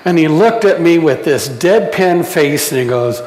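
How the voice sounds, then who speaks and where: A man with a high voice delivers a sermon at an unhurried pace. He preaches in a reflective way and leaves pauses between phrases. His voice rings through a roomy space with a long reverb tail. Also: animated, darkish tone, a little hiss or hum. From United States. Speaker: pastor.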